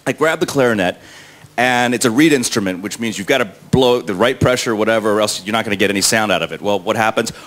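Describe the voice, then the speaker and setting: A man on a convention press panel, telling an anecdote with lively delivery and acting out other people's voices. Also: fast talker. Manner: acts out other people's voices in high tones.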